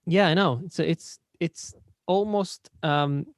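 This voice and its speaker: Laid-back, slightly high-voiced male host. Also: slow, dry recording, studio quality. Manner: laid-back, swears casually, deadpan jokes. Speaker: podcast co-host. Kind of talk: casual podcast banter.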